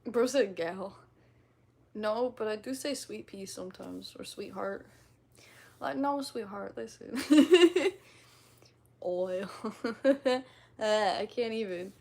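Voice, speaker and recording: A woman's voice: mid-range voice, takes it slowly, vocal fry, darkish tone. A woman from the American Midwest with a slight Midwestern twang, chatting casually on a livestream in a giggly, playful, self-teasing way. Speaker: streamer. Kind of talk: casual livestream chat reading comments.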